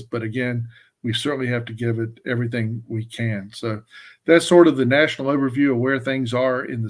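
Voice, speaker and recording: A man from Wyoming giving an earnest, emphatic policy update on a live webcast, often restarting his sentences. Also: mid-range voice. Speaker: government affairs staffer.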